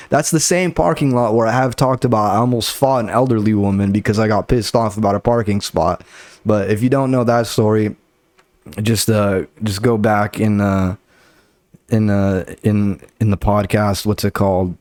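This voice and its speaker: A man's voice: on the low side, steady tone, moderate pace, a little mellow, no room sound. A young man, a comedian hosting his podcast, telling rambling, profane stories and acting out the people in them. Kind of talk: casual solo storytelling. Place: Los Angeles area.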